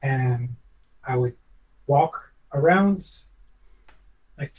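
A man's voice: medium pitch, fairly even intonation, normal speed, pauses often, a little mellow, far from the mic, low-quality recording. A former chef, a man, telling a long personal story in a podcast interview, reflective and earnest, rambling with many restarts.

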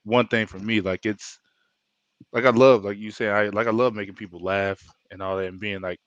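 A man with a low voice rambles through anecdotes on a casual podcast, his speech packed with filler words. The recording sounds dry and dull, as if the audio were muffled. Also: steady tone, normal speed, no echo. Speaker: podcast co-host. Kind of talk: casual chat.

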